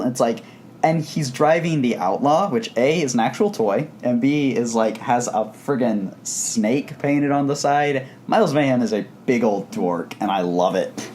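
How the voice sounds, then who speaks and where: A man's voice: mid-range voice, normal speed, darkish tone, slight background noise. A man co-hosting a podcast, talking casually and enthusiastically about comics, rambling with frequent restarts. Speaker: podcast co-host. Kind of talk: casual comic book discussion.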